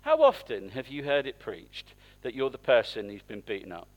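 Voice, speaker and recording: A man's voice: medium pitch, wildly swooping pitch, normal speed, highs cut off. A man preaching in church, speaking conversationally and asking the congregation questions. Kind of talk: interactive sermon.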